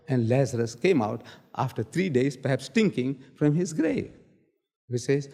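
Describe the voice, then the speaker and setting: A man's voice: medium pitch, sing-song, normal speed, in a large hall. A man arguing in a public debate, quoting scripture and hammering his points with repeated words. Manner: emphatic, quotes scripture, repeats key words. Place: lecture hall.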